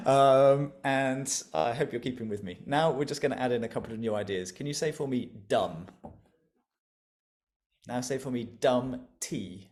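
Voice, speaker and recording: A man's voice: medium pitch, normal speed, a little mellow. Playful, encouraging man leading a music class. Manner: encouraging, playful, laughs often, leads call-and-response. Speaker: music educator leading an online workshop. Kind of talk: interactive online music lesson. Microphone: video call.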